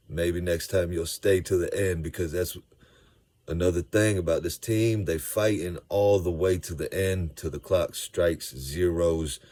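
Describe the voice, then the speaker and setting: Deep-voiced man recapping a game. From Georgia, US. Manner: animated, slangy, storytelling. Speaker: sports fan vlogger. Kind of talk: casual fan recap.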